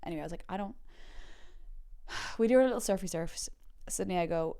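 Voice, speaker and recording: Young Irish woman, comedy podcast host, animated storyteller, smooth and clear. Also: fairly quick, long pauses. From Ireland. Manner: chatty, animated, acts out quotes with big pitch jumps. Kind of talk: comic storytelling.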